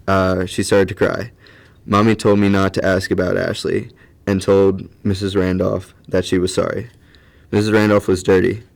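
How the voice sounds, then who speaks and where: A man's voice: low voice, gravelly. A man voicing a childlike woman survivor. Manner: simple childlike sentences, halting. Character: grown woman recalling childhood like a small child. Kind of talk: audio drama acting.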